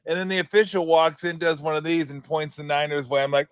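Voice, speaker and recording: Brief: male radio host, casual sports talk, animated and laughing, slightly high voice, dry mic. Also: fast, few pauses, smooth, no echo. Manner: animated storyteller, laughs often.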